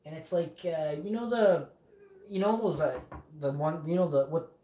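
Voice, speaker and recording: A man's voice: on the high side, animated, normal speed, mellow. A man telling a casual story to camera, rambling with lots of fillers, restarts and swearing. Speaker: vlogger. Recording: roomy echo.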